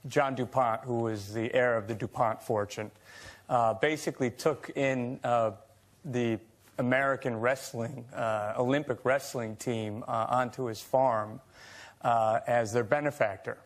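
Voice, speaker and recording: A man's voice: medium pitch, fairly even intonation, a little slow. A man who is a talk show guest, explaining a film's story in a hesitant way, with many fillers. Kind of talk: explaining a film plot. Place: TV studio.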